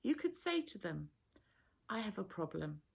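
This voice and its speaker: A woman voicing a calm, patient male teacher in a children's Bible story. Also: medium pitch, normal speed, creaky, slightly rough, exaggerated voice. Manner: soft, patient explaining.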